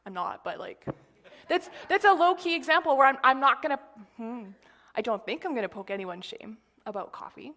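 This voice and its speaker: A woman's voice: high voice, expressive, moderate pace. A woman sharing an informal sermon at church, chatty and rambling, with lots of fillers and asides, whispering when she quotes others. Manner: drops to a hushed whisper for quoted lines. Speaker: church speaker sharing a message.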